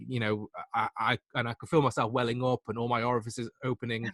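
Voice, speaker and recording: A man in his twenties with a Mancunian accent, a podcast guest telling stories in a lively, self-deprecating way. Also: medium pitch, fast talker, hardly any pauses, no room sound, studio quality. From Manchester, England. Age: 20s. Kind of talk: casual anecdotal storytelling.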